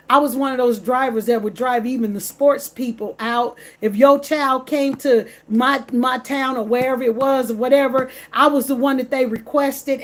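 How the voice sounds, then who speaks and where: A woman, vlogging in an emphatic, repetitive, slangy rant straight to camera. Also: sits high. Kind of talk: casual direct-to-camera rant.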